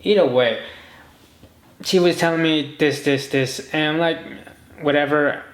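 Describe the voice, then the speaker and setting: A man's voice: fairly high pitch, measured pace, echoey room, poor audio. A man rambling through a personal story in a monologue. He often restarts and quotes himself and others. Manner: rambling, full of restarts and quoted inner speech. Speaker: podcast host.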